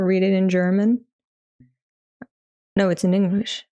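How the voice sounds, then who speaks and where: A woman's voice: mid-range voice, level tone, measured pace, dark tone. A woman in her thirties from Europe, chatting casually on a live stream, laughing often and swearing offhand. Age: 30s.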